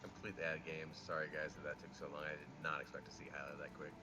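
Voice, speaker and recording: A man's voice: extremely low pitch, completely flat delivery, very fast, sharp tone. A man playing in a tabletop game, eager and stumbling over his words, with background noise in the recording. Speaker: player. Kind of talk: casual tabletop play.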